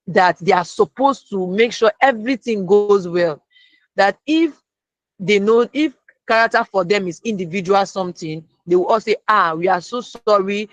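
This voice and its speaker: A speaker, sharing a personal lesson as a guest and retelling it lively, acting out the people in the story. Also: mid-range voice, dry recording. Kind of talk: storytelling testimony.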